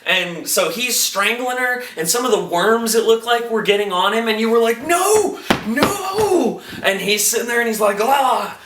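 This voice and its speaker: A young man excitedly recapping a TV episode, acting out the quotes and saying "like" a lot. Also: high-pitched, brisk, hardly any pauses, distant mic, noisy background. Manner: animated, acts out quotes, filler "like". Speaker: TV episode reviewer. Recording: echoey room, voice off-mic.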